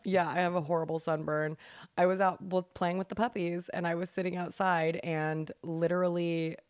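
A young woman co-hosting a casual podcast chat, dramatic and self-mocking, swearing often and jumping into high exclamations. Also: level tone, normal speed, dry recording, studio quality. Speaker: podcast co-host.

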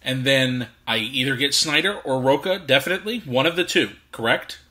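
A man playing an intense male competitor in a comedy sketch, who speaks in a deliberate, overly measured way with a flat, quiet menace. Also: mid-range voice, close to an everyday voice. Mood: forced calm.

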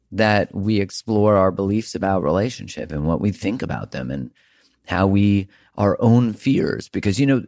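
A man's voice: low voice, darkish tone, dry recording, studio quality. A man hosting a podcast, talking earnestly and emphatically in a reflective monologue, with the odd casual swear. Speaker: podcast host.

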